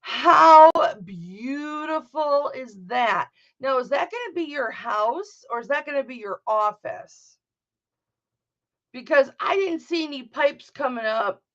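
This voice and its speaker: A woman's voice: on the high side, a bit bright. A middle-aged woman with a Michigan accent, hosting a livestream in casual chat, blunt, profane and emotional. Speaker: livestream host. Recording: dull lo-fi livestream audio.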